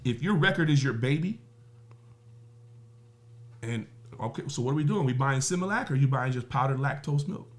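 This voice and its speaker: A man's voice: mid-range voice, lively intonation, normal speed, pauses often. A man talking on a podcast as a guest, emphatic and profane, firing off rhetorical questions and everyday analogies. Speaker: music business guest. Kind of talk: podcast interview talk.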